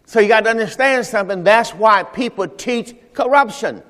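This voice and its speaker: The sound of a reverberant church hall surrounds a male pastor giving his Sunday sermon, relaxed and conversational, with personal anecdotes. His voice sits high with a fairly bright tone, at normal speed.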